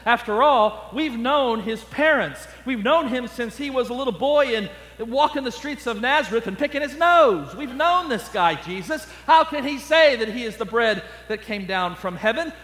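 A man's voice: very high-pitched, fairly bright tone, big-room sound, voice pushed up. A man voicing a skeptical crowd of listeners, exasperated and arguing back in disbelief. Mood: indignant. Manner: incredulous, arguing back, mock-pleading.

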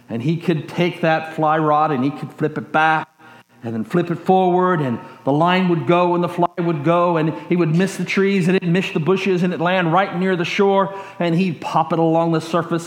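A male pastor preaching a sermon as a lively story, stringing his sentences together with "and" as the excitement builds. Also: on the high side. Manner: animated, builds excitement in long chains of "and". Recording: roomy echo.

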